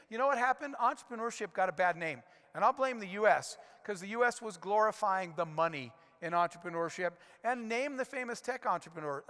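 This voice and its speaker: A middle-aged man delivers a keynote in a large conference hall, his fairly high voice carrying a long reverb tail. He talks with energy, tells stories and keeps asking the room rhetorical questions. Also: a bit bright. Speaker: conference speaker. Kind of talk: keynote speech.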